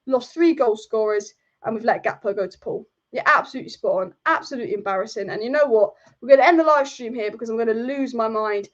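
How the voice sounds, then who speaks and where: Livid high-voiced woman venting on a live stream, keeps repeating herself, kinda dull lo-fi audio. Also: fast. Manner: furious, exasperated, repeats herself. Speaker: football channel host.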